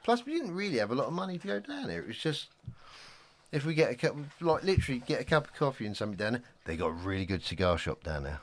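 A man's voice: medium pitch, big pitch swings, quick pace, slight background noise. A man telling a rambling anecdote in casual chat, often acting out what people said. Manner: chatty anecdote-teller, slips into quoted voices.

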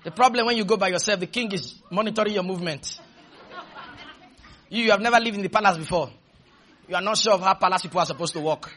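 High-voiced shouting preacher man. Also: fast, long pauses, some chatter behind, slight background noise. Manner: call-and-response, shouting refrains, shifting to quiet humorous storytelling. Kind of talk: sermon.

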